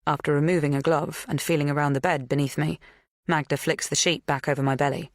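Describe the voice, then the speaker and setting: A woman reading a first-person suspense audiobook in a tense, measured way. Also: low voice, steady tone, no echo, clean studio sound. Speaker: audiobook narrator. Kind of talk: first-person thriller narration.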